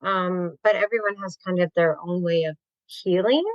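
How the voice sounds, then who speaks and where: A woman, talking openly and warmly as an interview guest, with many fillers and restarts. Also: lowish voice, steady tone, moderate pace, dry recording, highs cut off. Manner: open, heartfelt, lots of fillers and restarts. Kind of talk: candid conversational interview.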